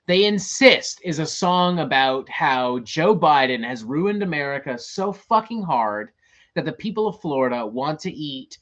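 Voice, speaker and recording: A man's voice: medium pitch, a bit bright. A man hosting a show, ranting in casual talk, profane and exasperated. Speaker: host.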